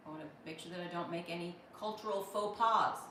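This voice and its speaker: A woman's voice: lowish voice, fast talker, bright, forceful tone, recorded from a distance, a little hiss or hum. Wry American woman chatting on a livestream. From United States. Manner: wry, joking, thanks viewers by name. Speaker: livestream host reading viewer comments. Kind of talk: casual livestream chat. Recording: roomy echo from off-mic.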